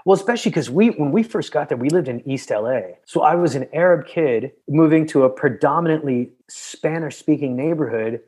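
Guy from egypt telling stories on a podcast, bit husky, does little voices for people. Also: fairly high pitch, a little fast, hardly any pauses. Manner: animated storyteller who acts out quotes and laughs often. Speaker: guest. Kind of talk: casual chat.

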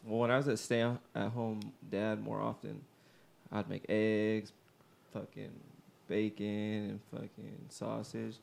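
A man's voice: on the low side, monotone, slow, gravelly, a little mellow. A man co-hosting a casual podcast, talking in a laid-back, offhand way with some swearing. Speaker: podcast co-host. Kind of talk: casual chat.

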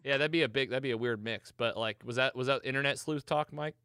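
A man hosting a casual show, recapping an episode in an excitable, chatty way with lots of fillers. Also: medium pitch, quick pace, smooth, dry recording, studio quality. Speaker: podcast host.

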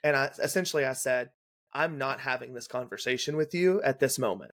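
A young man at a middle pitch recounts a hospital shift in close detail. He talks in a brisk, casual storyteller's way and acts out each line of dialogue. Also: a bit bright. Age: young adult. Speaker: guest, legal nurse consultant. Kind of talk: casual storytelling in a podcast interview.

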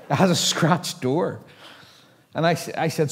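A man's voice: fairly high pitch, normal speed, pauses often. A middle-aged man preaching a sermon from a stage microphone. He talks in a chatty, self-mocking way and laughs at his own stories. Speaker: pastor. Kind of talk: sermon with storytelling. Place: large church hall. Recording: church hall with long reverb.

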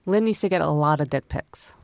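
A woman's voice: deep voice, fairly quick, gravelly, darkish tone, dry recording. A woman in her forties co-hosting a podcast, teasing her partner with short quips and reactions. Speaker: podcast co-host. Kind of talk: casual chat.

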